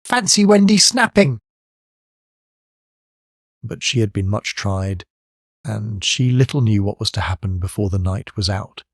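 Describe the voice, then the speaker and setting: A man narrating a classic storybook in a measured, scripted way. His voice sits on the low side. The sound is dry and close, with no room in it. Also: no echo. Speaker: audiobook narrator.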